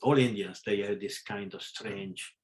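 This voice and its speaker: A man with a non-native English accent, giving a spiritual class over a video call. He talks haltingly, with fillers and restarts, and is frank, hitting sudden loud stresses. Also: fairly low pitch, rough recording. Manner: halting, with fillers and self-corrections. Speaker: spiritual teacher. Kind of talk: live class lecture.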